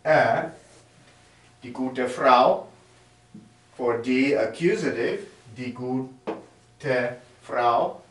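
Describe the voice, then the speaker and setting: A German teacher with a mid-range, slightly bright voice slowly explains a grammar lesson step by step, writing on the board as he talks. The classroom is echoey and the mic sits far away.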